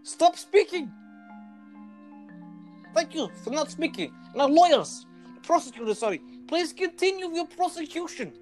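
A man's voice: very animated, very slow, hardly any pauses, fairly bright tone, soft background music, exaggerated voice. A man voicing a stern, touchy fantasy judge in a put-on Eastern European accent, repeating himself with mock exasperation. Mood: exasperated. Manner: high, mock-Russian, petulant repetitions.

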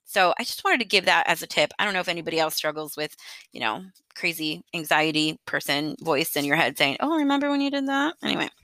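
A woman in her thirties hosts a solo podcast with a bright, sharp tone. She talks in a chatty, earnest way and laughs lightly as she goes. The sound is close and dry. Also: sits low, fairly quick, dry recording. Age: 30s. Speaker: podcast host. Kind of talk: casual solo podcast monologue.

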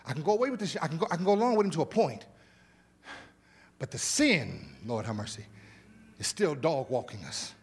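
A man preaching a sermon as pastor in a church, animated, with repeated words, exclamations and casual asides to the congregation. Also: on the high side, fairly quick, long pauses, slightly rough. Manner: informal, conversational asides to the congregation. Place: church sanctuary.

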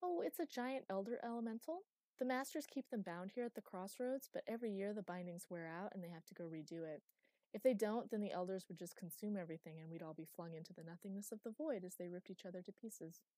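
A woman reading an audiobook, voicing an eager, childlike young servant girl with a high, innocent, earnest voice. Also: fast talker, mellow, no echo, natural voice. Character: eager girlish servant Anouk/Maggie, sweet and childlike.

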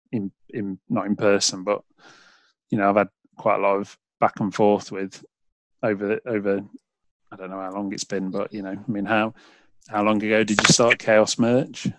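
A man's voice: lowish voice, fairly even intonation, normal speed, dry recording. A British man hosting a podcast, rambling in casual chat with lots of fillers and restarts. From United Kingdom. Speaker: podcast host.

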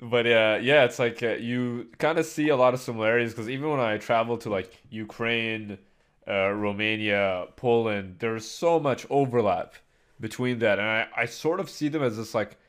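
A man's voice: medium pitch, normal speed, fairly bright tone, clear, resonant tone. Young male podcast co-host, easygoing, rambles with fillers. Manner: laid-back, rambling with many fillers. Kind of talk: casual chat.

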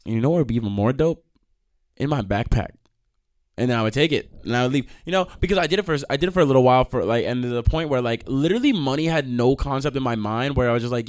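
A young man hosting a podcast, telling stories in a casual, profane rant with sudden loud outbursts. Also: medium pitch, expressive, very fast. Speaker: podcast host.

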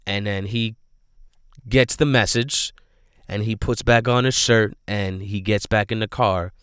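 A movie reviewer goes scene by scene through a film in a fairly low, slightly bright voice with fairly even intonation and a clear, resonant tone, at a measured pace. It's a dry, studio-quality recording. Rambling casually with many "like"s and "you know"s, he speaks earnestly and emphatically about how it made him feel.

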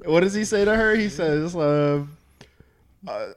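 A man's voice: high-pitched, unhurried. A young man co-hosting a casual movie podcast, rambling with fillers and laughing. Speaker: podcast co-host.

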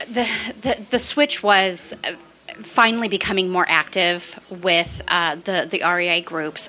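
Woman, forties, bright and lively; podcast guest storyteller who laughs easily and acts out quotes. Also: medium pitch. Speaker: podcast guest, real estate investor. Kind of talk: casual interview storytelling.

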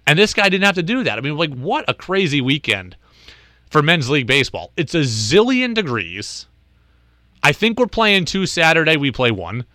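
A man hosting a sports talk show, telling a story in an animated, exasperated way. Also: a little high, moderate pace, no echo.

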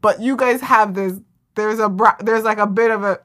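Bright-voiced chatty woman. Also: medium pitch, moderate pace. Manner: chatty, animated, laughs often. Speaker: podcast co-host. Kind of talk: casual chat.

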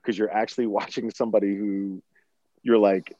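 Male co-host, animated storyteller, frequent laughs, dry slightly muffled sound. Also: lowish voice, fairly quick, no echo. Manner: animated storyteller, laughs often, swears freely. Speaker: podcast co-host discussing a film. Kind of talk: casual chat. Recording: dry, slightly dull recording.

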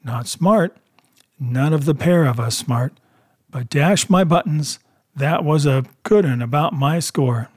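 A man voicing a gruff, jovial old ship's cook who talks in salty sailor speech. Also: fairly high pitch, slow pace, dry recording, clean studio sound. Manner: hearty, salty sailor talk.

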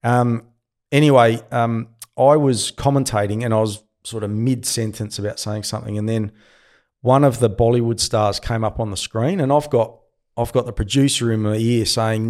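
A man's voice: mid-range voice, normal speed. A man in his early fifties with an Australian accent, a former cricketer turned commentator, chatting casually as a guest and laughing at his own stories. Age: 50s. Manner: relaxed storyteller, laughs at himself. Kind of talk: casual interview chat.

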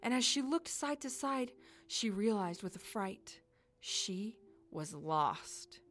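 Expressive woman reading a children's story. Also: mid-range voice. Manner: expressive, dramatic pauses.

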